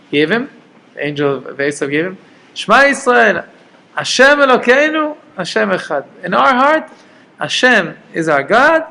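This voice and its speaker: A man teaches an informal Torah class, keeping it conversational and checking in with his listeners as he goes. His voice sits a little high and has a gravelly edge. A faint hiss of room noise runs underneath. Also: fairly bright tone. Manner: conversational, checks in with "okay?" and "right?". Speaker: rabbi teaching Jewish law.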